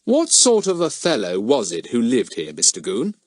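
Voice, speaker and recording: A man's voice: mid-range voice, wildly swooping pitch, normal speed, no echo, clean studio sound. A man reading an audiobook voices a cheeky, clever schoolboy detective with a mock-innocent manner. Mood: teasing.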